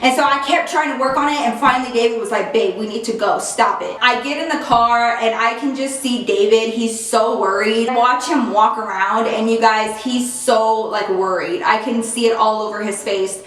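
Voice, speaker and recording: A woman's voice: fairly high pitch, fairly even intonation, moderate pace, few pauses, fairly bright tone. A woman vlogger telling a storytime in casual slang, packed with "like" fillers. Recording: very echoey room, far from mic.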